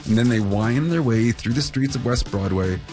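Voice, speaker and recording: Male radio host, middle pitch, upbeat field report over a music bed. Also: moderate pace. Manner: upbeat, playful storytelling. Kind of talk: feature reporting on location.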